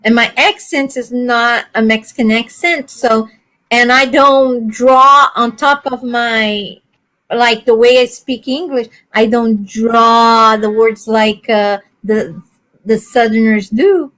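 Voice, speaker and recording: A woman with a Brazilian accent touched by Colorado English, chatting on a video call, animated and often searching for words. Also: a little high, slow pace. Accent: Brazilian Portuguese with a Colorado touch. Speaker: livestream guest. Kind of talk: casual chat.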